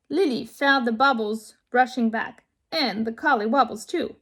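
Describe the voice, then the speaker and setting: A woman reading her own children's picture book aloud, expressive and animated, pausing to ask young listeners questions. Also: on the high side. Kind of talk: children's storybook read-aloud.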